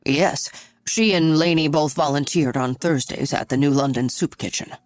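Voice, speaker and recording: A woman's voice: sits low, normal speed, no room sound, lightly acted. A woman reader voicing a chatty, sympathetic elderly man in an audiobook. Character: elderly wealthy man, kindly and talkative.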